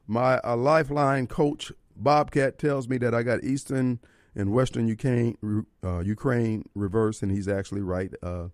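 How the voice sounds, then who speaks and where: A man's voice: medium pitch, fairly even intonation, a little slow, no room sound, studio quality. A man hosting a radio talk show, preaching his opinions and firing off rhetorical questions. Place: radio studio. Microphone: studio microphone.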